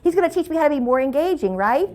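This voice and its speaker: A middle-aged woman speaker telling a funny story to an audience. Her voice sits a little high, and her delivery is animated and playful. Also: rapid-fire. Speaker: motivational speaker. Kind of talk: humorous keynote storytelling.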